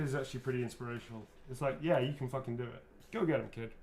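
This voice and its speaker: A man's voice: mid-range voice, rapid-fire, hardly any pauses, darkish tone. A man, a voice actor, chatting loosely while signing autographs and answering fan questions, often restarting his sentences. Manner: rambling, self-correcting, chatty.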